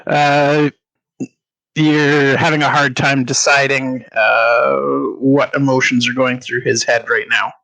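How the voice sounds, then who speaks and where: A man narrating a tabletop game as game master, halting and full of fillers. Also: medium pitch, level tone, sharp tone, poor audio.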